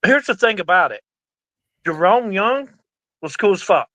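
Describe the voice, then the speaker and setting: A middle-aged man spins rowdy, profane stories as an interview guest. His voice sits a bit high and sounds bright and forceful. The recording is dry and close, and he acts out every voice he quotes. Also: lively intonation, normal speed, no room sound. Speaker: guest, veteran pro wrestler. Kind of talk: casual storytelling interview.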